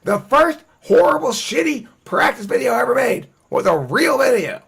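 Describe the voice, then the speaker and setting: A man hosting a casual group discussion, talking bluntly and profanely in an animated, ranting way. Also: extremely high pitch, normal speed. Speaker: host.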